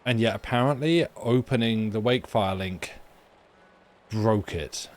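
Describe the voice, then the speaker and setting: A man with a lowish voice hosts a casual live stream. He rambles through technical explanations, pausing on fillers as he talks to chat. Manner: rambling, explains tech mishaps with many fillers. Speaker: streamer and host.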